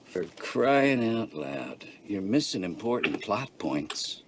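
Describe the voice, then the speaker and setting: An actor playing an impatient fellow passenger who grumbles in a drawn-out way. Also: male voice, lowish voice, sing-song. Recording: noisy clip played back.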